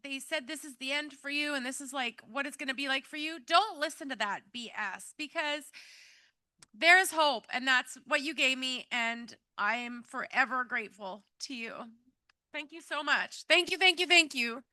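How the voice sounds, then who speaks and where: High, bright, earnest woman testifying. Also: moderate pace, no room sound. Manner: earnest, rambling, full of fillers. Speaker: event speaker giving a testimonial. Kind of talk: emotional personal testimony to a live audience.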